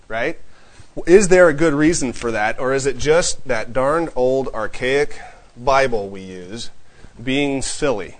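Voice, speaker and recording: A man's voice: mid-range voice, rough recording. Chatty man teaching a Bible class. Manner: conversational, chuckles often, reads scripture slowly.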